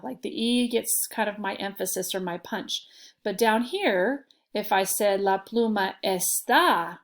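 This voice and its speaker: A woman's voice: mid-range voice, a little mellow. Patient woman teaching a lesson. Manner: clear, patient teacher talk, stressing sounds. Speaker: Spanish teacher. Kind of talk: classroom lesson explanation.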